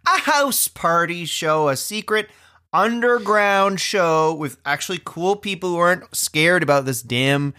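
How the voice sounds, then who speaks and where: A man's voice: high voice, lively intonation, a little slow, pushed and bright. A man co-hosting a comedy podcast, boastful and defensive, swearing as he bickers with his partner. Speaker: podcast co-host. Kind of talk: comedic banter.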